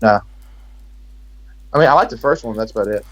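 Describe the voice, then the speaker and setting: A man's voice: fairly low pitch, lively intonation, a little fast, a bit bright, dull audio. A man from Texas speaking with an American accent, rambling and joking sarcastically in casual chat.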